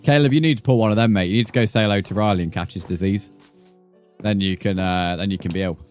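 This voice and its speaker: Swearing streamer, low voice. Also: male voice, steady tone, fast, darkish tone. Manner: swears freely, chats with viewers, says "mate" often. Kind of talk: casual gameplay livestream chat. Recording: faint background music.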